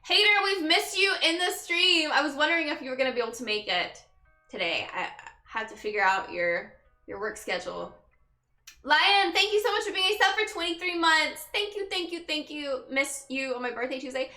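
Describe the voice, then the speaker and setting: A young woman streamer sounding worn out as she chats with her viewers and greets each one by name. Her voice is bright and fairly high. The room is echoey, with faint music playing behind her. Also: expressive, brisk. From Texas. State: exhausted. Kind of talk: casual chat with viewers. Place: her bedroom.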